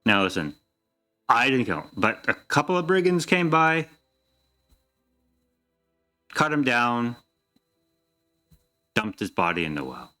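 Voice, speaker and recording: A man's voice: medium pitch, sing-song, slow pace, pauses often, pushed and bright, soft background music, heavily acted. Man doing a shifty folksy innkeeper. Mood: evasive. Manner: folksy, evasive, deflecting questions. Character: shifty middle-aged male innkeeper, evasive.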